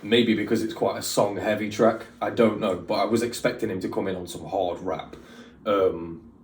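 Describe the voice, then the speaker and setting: Speaking at normal speed with a fairly low voice and fairly even intonation, a man hosts a reaction video. His casual, rambling opinions are full of fillers. There's a little hiss or hum, roomy echo, a distant mic, and faint music.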